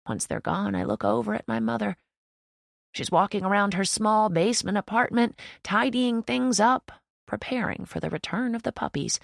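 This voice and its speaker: A woman reading a novel in the first person as an audiobook narrator, in an even, reflective way. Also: mid-range voice, moderate pace, vocal fry, no room sound, studio quality.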